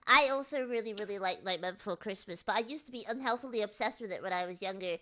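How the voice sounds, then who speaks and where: A woman's voice: medium pitch, fast talker, bright, forceful tone. A woman from Britain hosting a stream, chatting casually and playfully, often repeating herself. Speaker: streamer host. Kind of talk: casual chat.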